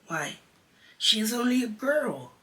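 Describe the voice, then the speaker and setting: A man's voice: very high voice, very animated, bright, forceful tone, far from the mic, pitched above the performer's own voice, exaggerated voice, poor audio. A man voicing an indignant older brother who draws out his shocked exclamations. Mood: aghast. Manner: drawn-out, aghast exclamations.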